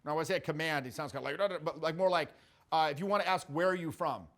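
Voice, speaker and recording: A man's voice: on the high side, very fast, fairly bright tone. A middle-aged man coaching social skills in a brash, profane way, acting out sample lines as he goes. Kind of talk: casual coaching talk.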